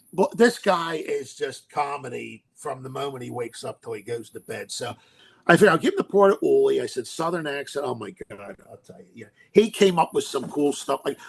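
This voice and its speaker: A man guest in an interview, an animated storyteller who acts out quotes and laughs often as he recalls directing films. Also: fairly high pitch, creaky, slightly rough.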